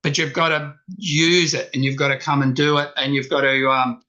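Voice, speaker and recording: A man's voice: on the high side, flat delivery, moderate pace, sharp tone, dull audio. A man giving an earnest coaching talk to a men's group, repeating his key points. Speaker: speaker at a men's workshop. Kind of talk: talk with slides, then group discussion.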